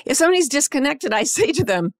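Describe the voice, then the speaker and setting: A woman's voice: sits high, sing-song, fast, dry recording, studio quality. An older woman, a life coach guest on a podcast, explaining in a practical way and acting out short bits of dialogue. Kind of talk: casual podcast chat.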